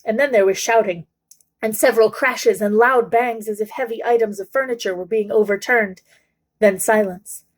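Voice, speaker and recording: A woman's voice: mid-range voice, moderate pace. Woman reading a children's novel aloud. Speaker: book club reader.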